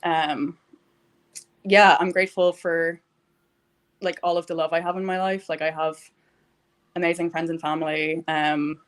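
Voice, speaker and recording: A young woman talking warmly about gratitude in a casual conversation, rambling with many fillers. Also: deep voice, fairly even intonation, a little slow, pauses often. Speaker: guest.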